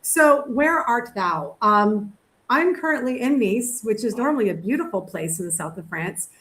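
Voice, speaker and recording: A woman's voice: mid-range voice, animated, normal speed, fairly bright tone, roomy sound. A woman hosting a podcast from home, from Canada, bubbly and playful, breaking into bits of show tunes. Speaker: podcast host.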